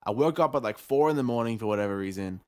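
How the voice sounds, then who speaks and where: A man's voice: medium pitch, animated, fast talker, smooth. A young man co-hosting a podcast, telling a story in casual chat with rambling, swearing and bursts of laughter. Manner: rambling, profane storytelling that grows loud and laughing. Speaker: podcast co-host. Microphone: headset or desk mic at a computer.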